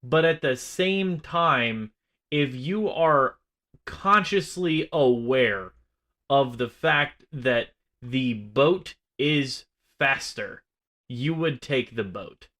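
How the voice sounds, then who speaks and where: A man's voice: medium pitch, animated, very slow, sharp tone. A man co-hosting a casual film review chat, rambling and swearing freely as he airs his gripes. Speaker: film podcast co-host.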